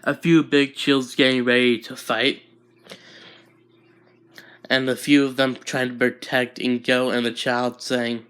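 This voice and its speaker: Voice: mid-range voice, flat delivery, a little slow, pauses often, fairly bright tone, clear, resonant tone. A casual narrator telling a fan-made story, rambling and talking to viewers.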